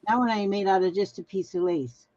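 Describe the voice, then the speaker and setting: A woman's voice: mid-range voice, brisk, warm tone, dull audio, a little hiss or hum. An older woman from Minnesota chatting casually as a craft livestream host, reading viewer comments aloud and trailing off mid-sentence.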